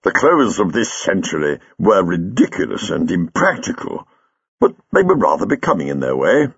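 A man reading a story aloud in a measured storytelling manner. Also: deep voice, big pitch swings, creaky, husky, no room sound, lo-fi sound. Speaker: audiobook reader. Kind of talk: scripted narration.

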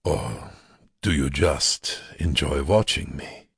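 A man putting on a smug, lazy creature of the night who speaks with unhurried, quizzical calm. The voice sits very low and drawls slowly with a husky grain, as in a dark audiobook tale. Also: no echo, clean studio sound, heavily acted. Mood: lazy mocking. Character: lazy, smug male blood-drinking predator.

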